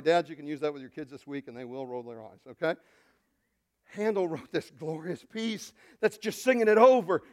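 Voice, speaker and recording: High-voiced preacher with big dynamic swings. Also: male voice. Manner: dynamic preaching that swings from loud declarations to hushed, intimate asides; conversational, joking with the congregation. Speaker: pastor. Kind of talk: sermon.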